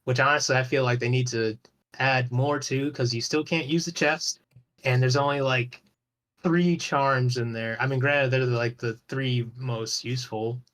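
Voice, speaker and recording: A man's voice: medium pitch, fairly even intonation, normal speed, a bit bright. A man talking as a guest on a podcast in a loose, rambling way, swearing casually and restarting his sentences often. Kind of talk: casual chat about an online game.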